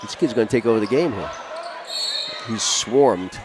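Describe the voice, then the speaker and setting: A man commenting on a high school basketball game, chatting and joking with his co-host between plays. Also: moderate pace. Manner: chatty, jokey banter with co-host. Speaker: play-by-play commentator. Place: school gymnasium. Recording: noisy gym with ball bounces.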